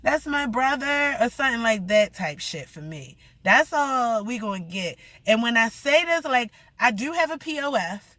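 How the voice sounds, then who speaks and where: Young woman, casual vlog rant, blunt and profane, animated, high-ish voice, bright tone. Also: moderate pace, hardly any pauses, no room sound.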